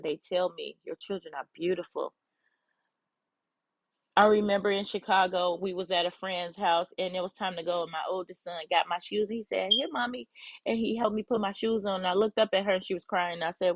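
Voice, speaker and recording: A woman's voice: medium pitch, a bit bright, no echo. Woman, middle-aged mother, blunt, casual swearing, candid vlog talk, dry close sound. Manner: blunt, conversational, swears freely.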